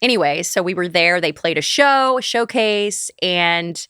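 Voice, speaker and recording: A woman's voice: on the low side, unhurried, clean tone, no echo, studio quality. A middle-aged woman from St. Louis, a guest in an interview, telling her story casually and acting out the voices of people she quotes. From St. Louis, USA. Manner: animated, acts out quoted dialogue.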